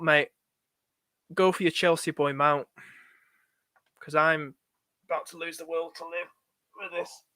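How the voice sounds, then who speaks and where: A man's voice: fairly high pitch, sharp tone, no room sound, studio quality. A young man on a live stream, thinking aloud in a chatty, anxious way and talking to his viewers. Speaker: fantasy football streamer.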